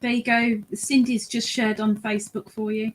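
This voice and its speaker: A woman co-hosting a casual livestream, with a voice a little higher than usual. She teases and nudges her partner with pointed questions in a playful, bossy way. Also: level tone, normal speed. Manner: teasing, prodding interviewer. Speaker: co-host prompting the host. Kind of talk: casual live-stream chat.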